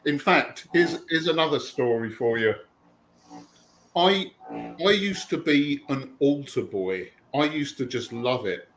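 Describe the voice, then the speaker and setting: A man hosting a casual chat, telling long anecdotes with a relaxed, chatty delivery. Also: a little high, measured pace, faint music behind, low-quality recording. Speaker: host.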